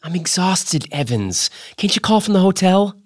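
A man reading the lines of a tired young movie-star wife in a soft, hushed voice. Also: high-pitched, sing-song, normal speed, dry recording, clean studio sound, voice pushed up. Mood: weary pleading.

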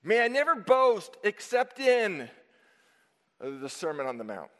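A high-voiced man preaching with real fire, punching key words and then dropping to a near hush. His sermon rings out through a church sanctuary with a long, lingering reverb. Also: sing-song, unhurried. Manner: emphatic, dynamic preaching with sudden drops to near-whisper. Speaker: pastor.

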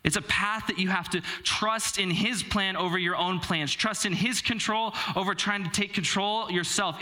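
A bright, high-voiced young male pastor delivers a sermon built around a personal story. His storytelling is conversational and self-deprecating, with filler words.

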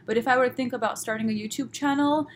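A woman from Los Angeles with a Southern California accent, hosting her own podcast in a chatty, upbeat solo talk. She talks fast and pronounces her words crisply. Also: fairly high pitch, fairly even intonation, slight background noise. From Los Angeles, USA. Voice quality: fast-talking, crisp pronunciation. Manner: chatty, upbeat, many fillers. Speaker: podcast host. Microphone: podcast microphone.

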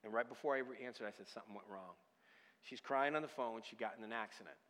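A man preaching a sermon, telling a personal story and building from quiet storytelling to loud, passionate crying out. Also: mid-range voice, fast. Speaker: pastor. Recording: hall with long reverb.

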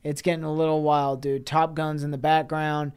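A man's voice: fairly high pitch, little pitch movement, normal speed, clear, resonant tone. A man co-hosting a podcast, telling an improvised comic story in a rambling, profane way with laughs between phrases. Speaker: podcast co-host.

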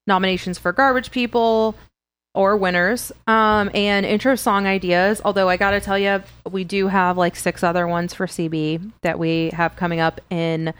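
A woman's voice: medium pitch, fairly bright tone, clean tone. A young woman co-hosting a podcast, chatting casually and trailing off with fillers. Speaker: podcast co-host. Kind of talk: casual chat.

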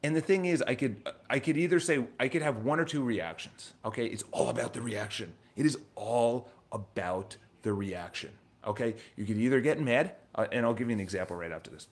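A man's voice: medium pitch, fairly quick, few pauses. Guy in his 30s doing a casual self-help rant, swears a bit, keeps restarting sentences and repeating himself. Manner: animated storytelling, swears, self-corrects and repeats words. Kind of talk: casual motivational monologue.

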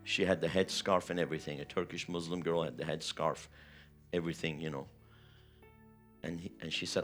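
Low-voiced pastor telling a testimony. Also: male voice, steady tone, a little fast, long pauses, a bit bright, faint music behind. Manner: emotional, vivid retelling with rising intensity. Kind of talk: sermon testimony storytelling.

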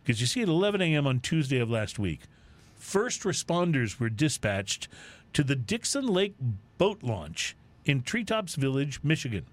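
This podcast co-host speaks at a normal pace in a mid-range voice. Chatting casually, he reads out comic news items with a playful, lively storytelling manner.

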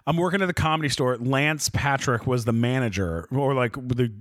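A man's voice: medium pitch, moderate pace, a bit bright, no room sound, studio quality. Profane, rambling male comedian. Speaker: podcast host, comedian. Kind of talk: casual comic storytelling.

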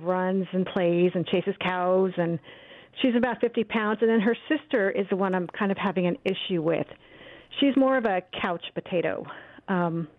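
A woman's voice: mid-range voice, no room sound. A woman calling in to a radio show, friendly and a bit hesitant with her question. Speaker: caller. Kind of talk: phone-in question. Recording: tinny phone line, dry.

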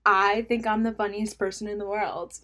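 A woman's voice: medium pitch, flat delivery, normal speed, pushed and bright. Rambling, self-mocking young woman podcaster. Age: young adult. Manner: rambling, self-mocking, laughing at own jokes; drops into mumbled asides. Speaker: podcast host. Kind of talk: casual solo podcast chat.

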